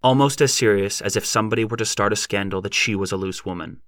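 A lower-pitched man narrates an audiobook in a measured storytelling manner. The recording is dry and close. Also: fairly bright tone, dry recording. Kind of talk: scripted narration.

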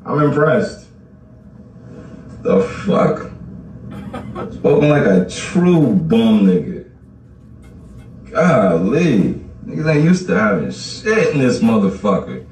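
A man's voice: medium pitch, big pitch swings, a little slow, far from the mic. A man ranting casually on a livestream, boasting, mocking and swearing, often breaking into laughter. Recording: roomy sound from off the mic.

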